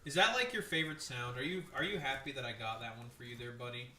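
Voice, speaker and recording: A man's voice: mid-range voice, quick pace, pushed and bright, reverberant. A man streaming, trading crude, teasing banter and mock-grandiose announcements with his chat. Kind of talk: casual livestream banter.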